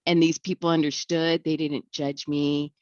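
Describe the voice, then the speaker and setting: A woman's voice: deep voice, level tone, a little slow, a little mellow, dry recording, dull audio. A young woman tells her recovery story in a candid way, acting out the voices of the people she quotes and often laughing.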